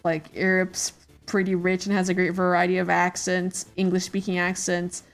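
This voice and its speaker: A woman's voice: lowish voice, completely flat delivery, normal speed, faint music behind. A woman streamer chatting casually while she draws, rambling with many fillers and hesitations. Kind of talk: casual chat while drawing.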